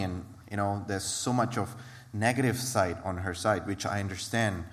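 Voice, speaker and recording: Recorded in an echoing church hall, a ministry worker from Malaysia shares his testimony hesitantly, restarting often and leaning on fillers. He speaks at normal speed in a voice on the low side.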